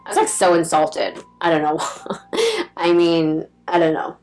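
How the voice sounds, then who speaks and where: A young woman with a notably low, deep voice recounts a personal story to the camera. She rambles casually, leaning on "like" and swearing bluntly. Faint music sits softly behind her. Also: little pitch movement, measured pace, rough recording. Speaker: vlogger.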